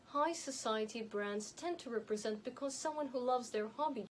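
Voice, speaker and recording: A woman with a light, elocution-trained non-native accent gives a measured, emphatic advice monologue to camera as an image and style consultant. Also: fairly high pitch, poor audio.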